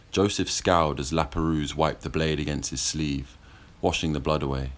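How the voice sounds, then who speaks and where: Very deep-voiced male audiobook narrator. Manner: measured, steady storytelling. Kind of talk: scripted narration.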